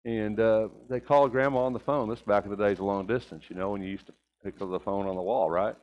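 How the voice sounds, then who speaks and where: Older preacher telling folksy stories. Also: male voice, on the low side, steady tone, quick pace, dull audio. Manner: folksy storytelling, rising to emphatic points. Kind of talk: Sunday sermon.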